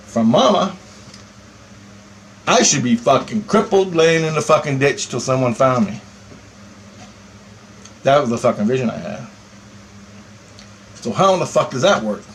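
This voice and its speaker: A man telling a story in a rambling, profane monologue, swearing constantly and getting animated as he tells it. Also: medium pitch, normal speed, long pauses, slight background noise. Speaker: vlogger.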